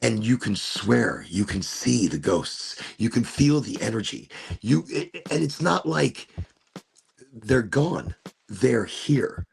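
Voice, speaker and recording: Gravelly, animated storytelling man. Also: mid-range voice, slow, a little hiss or hum. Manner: animated, swears, repeats words. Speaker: podcast host. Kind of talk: casual storytelling.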